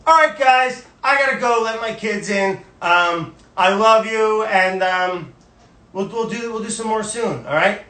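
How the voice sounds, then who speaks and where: A man's voice: high voice, unhurried, sharp tone. A man hosting a casual livestream from home, rambling with restless energy and jumping between topics. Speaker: cooking video host. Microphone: phone livestream.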